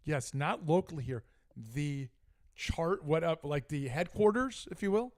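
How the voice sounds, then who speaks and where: A man's voice: fairly high pitch, measured pace. A middle-aged man co-hosting a casual sports talk show, telling a heated story with lots of asides. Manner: animated, heated retelling with frequent asides. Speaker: podcast co-host.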